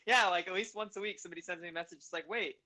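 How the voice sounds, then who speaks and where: Theatrical woman with a bright voice. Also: lowish voice, very fast, rough recording. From Los Angeles. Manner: animated, theatrical, laughs often. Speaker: stream co-host. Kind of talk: casual chat on a video call.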